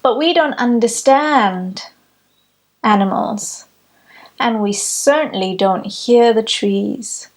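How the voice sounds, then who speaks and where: A woman giving a reflective spiritual teaching talk, with measured, deliberate phrasing. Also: a little high. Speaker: spiritual speaker.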